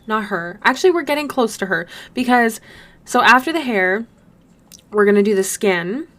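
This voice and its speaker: A woman's voice: fairly high pitch, animated, moderate pace, a bit bright. A young woman chatting casually on a live stream while she draws, bubbly and gushing. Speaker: streamer and artist.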